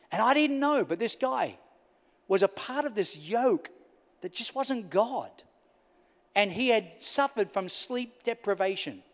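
A man preaching as a pastor, telling a story that swings from loud bursts down to a hushed voice. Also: a little high. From Australia. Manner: storytelling, rising loud and falling to a hush. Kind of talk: sermon. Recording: long hall reverb.

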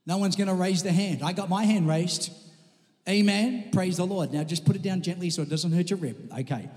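Man, pastor, very high voice, emphatic sermon, long hall reverb. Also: a little mellow. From Australia. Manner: emphatic preaching, calls for amens. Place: church sanctuary.

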